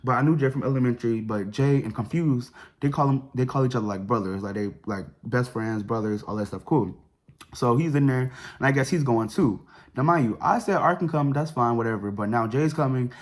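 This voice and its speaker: Fast-talking young man telling a story. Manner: chatty, slangy, fillers like boom and whatever. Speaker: vlogger. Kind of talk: casual storytime.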